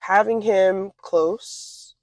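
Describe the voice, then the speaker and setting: A young woman in her twenties, an interview guest speaking casually and reflectively, pausing often with fillers and restarts. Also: mid-range voice, darkish tone, dry recording. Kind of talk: casual conversation.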